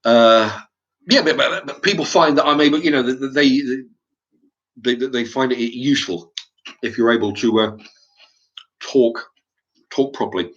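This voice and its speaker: A middle-aged man with a clear English accent rambles on to his viewers. He stumbles, restarts and repeats words as he goes. His mid-pitched voice comes through a dull, lo-fi home microphone. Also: normal speed, pauses often. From England. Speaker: YouTube channel host. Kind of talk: rambling casual monologue to viewers.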